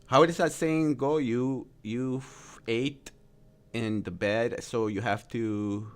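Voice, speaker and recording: A man's voice: mid-range voice, fairly even intonation, slow, clean tone. A man streaming live, reacting to a clip with profane, mocking commentary and frequent laughter. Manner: mocking and crude, laughs often.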